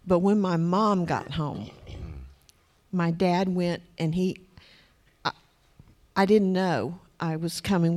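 A woman sharing a personal testimony in church, soft and reflective, pausing with hesitant fillers. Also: lowish voice.

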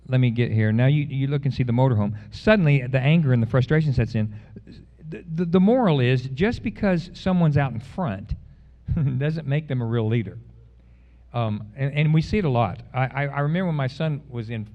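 A middle-aged man preaches a sermon with a folksy, self-deprecating manner, often repeating his first words before a thought lands. His voice sits at a medium pitch, and the recording sounds slightly dull.

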